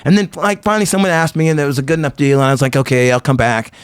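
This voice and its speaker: Animated middle-aged man telling stories. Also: fairly high pitch, rapid-fire, clean tone, dry recording, clean studio sound. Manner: animated storyteller, acts out quotes in shifting voices. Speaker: podcast guest. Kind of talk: casual interview chat.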